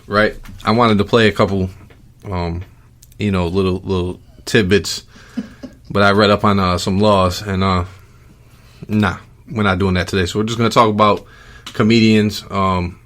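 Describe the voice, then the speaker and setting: A middle-aged man hosting a podcast in casual chat, relaxed and rambling with lots of fillers. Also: lowish voice. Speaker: podcast host.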